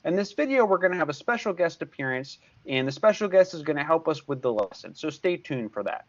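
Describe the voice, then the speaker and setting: A man's voice: fairly high pitch, big pitch swings, brisk, lo-fi sound. A man in his sixties, a tutor giving a recorded video lesson, patient and repeating key points. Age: 60s. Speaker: math tutor.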